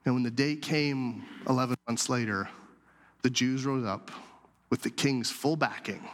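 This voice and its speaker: A man telling a scripture story as a sermon, animated and acting out the characters' lines. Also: medium pitch. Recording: long hall reverb.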